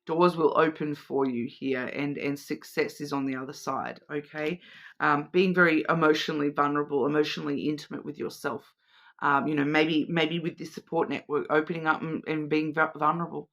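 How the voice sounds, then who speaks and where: A woman talks through an intuitive card reading in a casual, wandering way. Her voice is bright and forward. She hesitates, repeats words and restarts her phrases as she goes. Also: sits low, fairly even intonation, a little fast. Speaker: tarot and oracle card reader.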